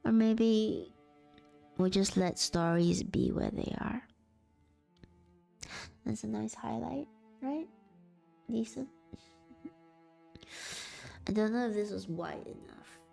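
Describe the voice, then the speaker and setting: A woman streamer at home, talking to her chat and narrating a story in a slow, steady voice. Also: mid-range voice, gravelly, faint music behind. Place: at home, sitting on the floor.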